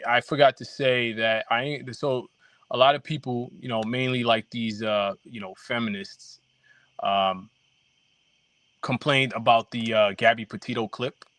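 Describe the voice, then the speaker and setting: A man guest on a podcast, telling his story haltingly with many fillers and restarts. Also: mid-range voice, steady tone, fairly bright tone, no room sound. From New York. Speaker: documentary filmmaker guest. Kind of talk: casual podcast interview.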